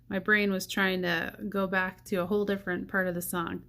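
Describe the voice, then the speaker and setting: A woman teaching a saxophone part, thinking aloud and counting rhythms out loud. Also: medium pitch, little pitch movement, fairly quick, vocal fry, few pauses. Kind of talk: music lesson walkthrough.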